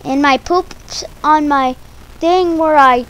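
A woman with a high voice talks in an unhurried, meandering way. She stumbles over her words as she goes. Her delivery is playful and silly, like a casual monologue made for her own channel. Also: a bit bright, poor audio. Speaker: video creator.

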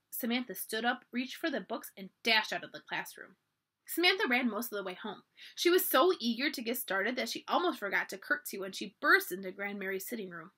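A woman reading a children's chapter book aloud for a library, telling it expressively. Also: medium pitch. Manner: expressive, animated storytelling. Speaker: library storytime reader.

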